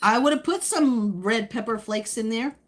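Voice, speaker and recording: A woman hosting a casual live stream, answering viewer comments in a chatty, teasing way, with a slightly husky voice. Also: on the high side, normal speed. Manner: speaks while eating. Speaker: livestream host chatting with viewers.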